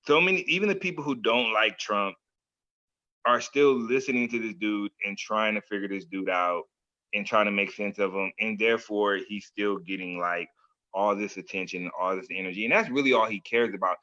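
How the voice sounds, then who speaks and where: A man's voice: fairly low pitch, moderate pace, dull audio. A man in casual chat, telling stories with lots of fillers and frequent laughter. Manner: animated storyteller, laughs often, says like and man a lot.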